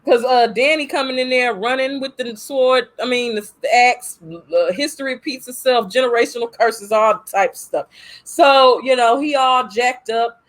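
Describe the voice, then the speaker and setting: Brief: a fairly high-voiced woman co-host, animated and casual, acting out movie scenes. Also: moderate pace. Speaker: podcast co-host. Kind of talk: casual movie review chat.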